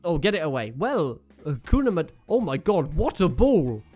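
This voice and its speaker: A man's voice: on the high side, sing-song, normal speed, darkish tone, breathy edge, faint music behind. A young man commentating on his own football video game, joking, groaning and cheering at each play. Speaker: gaming YouTuber. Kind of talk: casual live game commentary.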